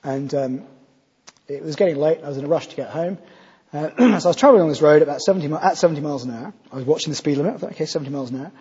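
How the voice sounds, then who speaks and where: A man's voice: fairly high pitch, very fast, dark tone, husky. A man from Scotland preaching a sermon, earnest and rising to emphatic scripture readings. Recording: muffled, long hall reverb.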